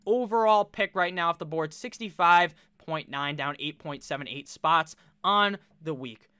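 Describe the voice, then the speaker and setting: A man's voice: a little high, a little slow, pushed and bright, clean tone, no echo, studio quality. A man giving casual fantasy football commentary, talking bluntly, swearing freely and rattling off statistics.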